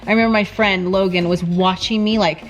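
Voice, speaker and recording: A woman in her thirties, a mother telling animated stories to her teen daughter while sitting in a parked car in a garage. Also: a little fast, highs cut off. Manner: animated, laughing, quotes herself in high voice. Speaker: mother answering questions. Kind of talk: casual storytelling chat.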